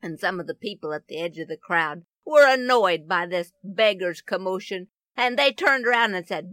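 A woman telling a Bible story expressively, with dramatic swings of pitch and loudness. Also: animated, normal speed, few pauses, no room sound, clean studio sound.

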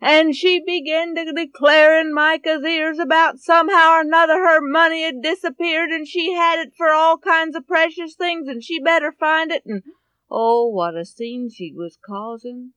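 A woman telling a Bible story in an expressive way, swinging between loud and hushed. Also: high voice, normal speed, no room sound.

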